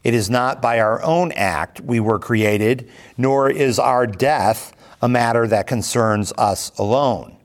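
A man teaching a scripture lesson at a mid-range pitch. He reads the passage aloud first, then explains it word by word in a measured way. He fills his pauses with "um" and keeps asking "right?" as he goes. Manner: measured, explanatory, with frequent ums and rhetorical "right?". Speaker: Bible teacher.

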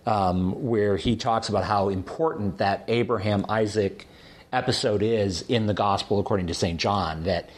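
A man teaching a Bible class, lecturing in a measured, explanatory way in a classroom. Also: on the low side.

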